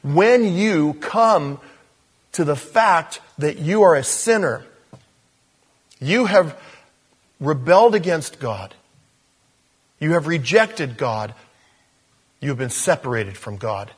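A man preaching a sermon, a husky grain running through his voice. He sits a little higher than most men and talks to the congregation like a conversation, doubling back on phrases and breaking off into asides. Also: expressive, slow pace, long pauses. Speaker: pastor.

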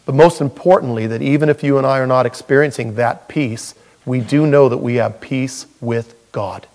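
A man's voice: mid-range voice, normal speed, a little mellow. A man preaching a sermon as pastor in a church, earnest and folksy with touches of humor.

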